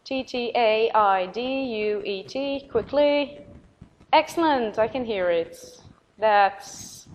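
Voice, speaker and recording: Warm praise, slow repetition and letter-by-letter spelling mark this recorded English vocabulary lesson from a woman teacher with an Arabic accent. Her pitch is fairly high, a faint hiss runs underneath, and the audio is poor.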